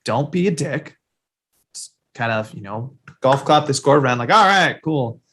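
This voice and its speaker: Guy rambling on a sports podcast, lots of uh and like, mid pitch, swears easy. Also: normal speed, breathy edge. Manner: loose and rambling, heavy on fillers, swears casually. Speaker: podcast co-host. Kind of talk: casual sports chat.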